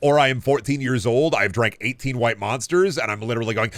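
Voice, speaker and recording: A young man streaming a game, talking casually and rambling with lots of swearing as he answers chat, his pitch jumping up and down. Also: fairly quick, hardly any pauses, fairly bright tone, no room sound, clean studio sound. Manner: rambling and profane, reacting to chat; pitch leaps up and down often. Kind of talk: casual live-stream chat while gaming.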